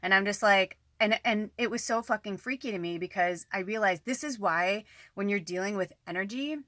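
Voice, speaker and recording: A woman's voice: medium pitch, normal speed, fairly bright tone, dry recording. A woman who works as a psychic medium, talking to her viewers in a rambling, candid monologue, swearing often and speaking close to the camera. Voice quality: frequent swearing, rambling and emphatic. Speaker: psychic medium and channel host. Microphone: camera close to the face.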